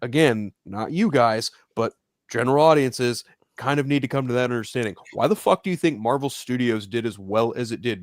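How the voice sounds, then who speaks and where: A man's voice: medium pitch, no room sound, clean studio sound. A man ranting in a heated, profane casual chat on a live stream, mocking fans. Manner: ranting, profane, mocks fans in whiny shouts. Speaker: podcast co-host.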